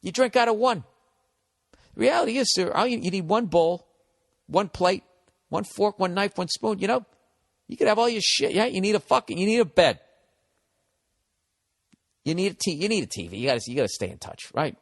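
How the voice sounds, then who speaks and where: A man in his forties with a Boston accent, a comedian hosting a podcast, rambles through a comic advice monologue, profane and blunt, mock-harsh one moment and encouraging the next. His gravelly voice sits fairly high, with a long reverb tail. He's animated, speaks at normal speed, and pauses often.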